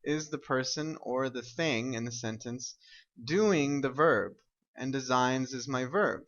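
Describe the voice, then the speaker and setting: A man's voice: mid-range voice, fairly bright tone, dull audio. A man teaching an English grammar lesson, explaining step by step and often checking with "right?" and "okay?".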